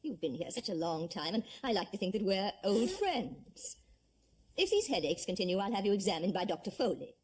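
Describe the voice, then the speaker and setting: An actress playing a firm but kindly aristocratic mistress of a household. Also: female voice, mid-range voice, very animated, brisk, slight background noise, natural voice. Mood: consoling. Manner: authoritative, then gently reassuring. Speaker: lady of the house. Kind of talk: period television drama.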